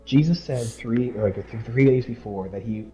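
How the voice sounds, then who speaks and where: A man hosting a casual Bible study, arguing his points emphatically and reading verses aloud slowly. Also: medium pitch, crowd noise, rough recording. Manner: emphatic, talks over the other speaker, reads verses slowly. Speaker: host leading a Bible study.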